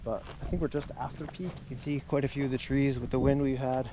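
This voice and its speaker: A man out of breath giving a relaxed, chatty campsite tour outdoors, with plenty of ums. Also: medium pitch, quick pace, lo-fi sound. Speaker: camping vlogger. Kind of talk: casual walking tour narration. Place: windy mountaintop campground outdoors. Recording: loud wind noise outdoors.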